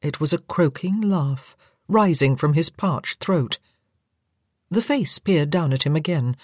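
A woman reading a novel aloud as an audiobook narrator, measured and even-paced. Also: low voice, no echo. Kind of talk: scripted narration. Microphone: close studio microphone. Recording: dry studio sound.

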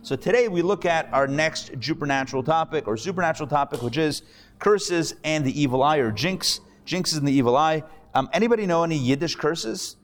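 Rabbi lecturing a live class, a man with a slightly high voice, lively and jokey with the room. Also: a little fast, slight background noise. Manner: lively, jokey storyteller, chats with the audience. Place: classroom before a live audience.

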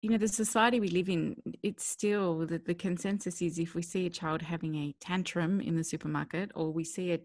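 A woman's voice: on the low side, steady tone, a little fast, hardly any pauses, darkish tone, dry recording, studio quality. A woman co-hosting a parenting podcast, talking in an enthusiastic, casual way and laughing often.

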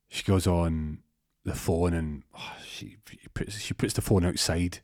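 A man tells a comic story, rambling and restarting as he goes. His voice is on the low side. The recording is dry and close. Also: fairly even intonation, measured pace, darkish tone, dry recording.

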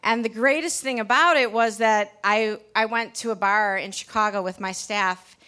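A woman's voice: mid-range voice, normal speed, bright, forceful tone. A woman pastry chef telling a candid personal story to a live audience in a packed bar, chatty and full of restarts. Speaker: pastry chef giving a talk.

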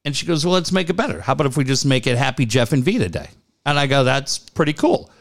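Animated man telling a family story. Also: mid-range voice, fast talker, vocal fry. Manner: animated, laughs often, repeats "I go". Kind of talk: casual storytelling chat.

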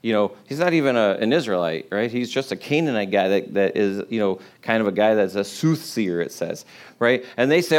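A man's voice: fairly low pitch, animated, a little fast, smooth. A man preaching a sermon as casual storytelling, conversational and humorous, with many "like" and "you know" fillers.

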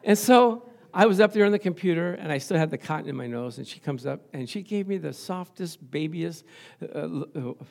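An older male pastor preaches to his congregation in church, spinning humorous stories about married life. His voice sits a little high, and he laughs often and keeps asking the room "Amen?". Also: animated, a little fast, creaky, a little mellow. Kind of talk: humorous sermon.

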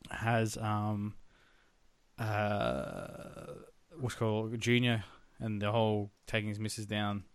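A man's voice: on the low side, smooth, no room sound. An Australian man hosting a podcast, telling stories in a rambling, profane way. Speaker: podcast host. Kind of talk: casual podcast chat.

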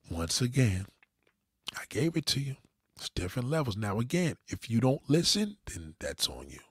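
A man's voice: mid-range voice, no echo, clean studio sound. A middle-aged man giving crude dating advice to viewers in a profane, preachy rant, swearing constantly. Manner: preachy, crude, peppered with "goddamn", slips into voices of others.

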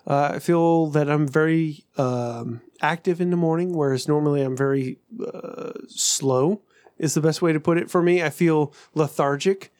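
A man's voice: a little high, fairly even intonation, normal speed, darkish tone, no room sound. A man co-hosting a podcast, chatting casually, swearing freely and laughing often. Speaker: podcast co-host. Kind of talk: casual chat.

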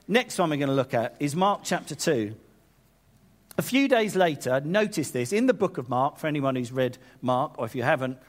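Animated male preacher. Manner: animated, acting out scripture voices with sudden high bursts. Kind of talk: sermon.

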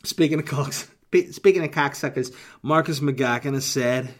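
A man chatting on his podcast in a loose, rambling way, swearing often and cracking jokes as he goes. His voice sits at an everyday middle pitch. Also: moderate pace. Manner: profane, joking, slips into impressions. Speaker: podcast host. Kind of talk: casual rambling chat.

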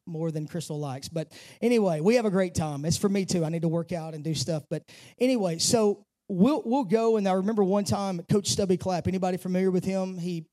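A man's voice: high voice, fairly quick, dark tone. Man preaching with rising emphasis. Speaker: pastor. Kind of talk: sermon. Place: church sanctuary.

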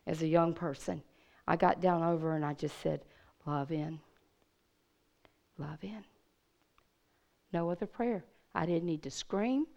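Speaking in a fairly low register with some vocal fry, this guest speaker at a women's church gathering shares a testimony sermon. She recounts her personal story with animation and addresses her listeners head-on.

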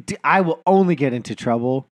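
A man's voice: mid-range voice, brisk, no echo. A man co-hosting a podcast in casual chat, joking and trailing off mid-thought. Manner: joking, animated, trailing off and restarting. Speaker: podcast co-host.

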